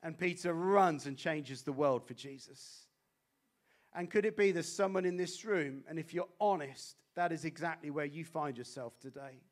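A man with a high, light voice preaches to a congregation. He is animated, rising to near-shouts when excited and dropping to hushed intensity for the serious points. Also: moderate pace. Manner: animated, swings from loud exclamations to hushed intensity. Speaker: guest preacher. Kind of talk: sermon.

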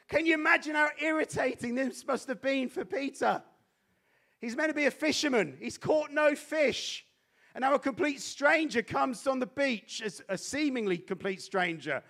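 A man preaching a sermon as a guest speaker, animated and swinging between loud exclamations and hushed intensity. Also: extremely high pitch, normal speed, vocal fry.

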